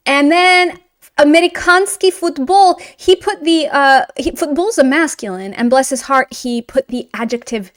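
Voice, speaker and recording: Female language teacher, slightly high voice, lively and chatty while correcting grammar. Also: measured pace. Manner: lively, chatty explanations mixing English and Russian. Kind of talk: grammar lesson correcting student mistakes.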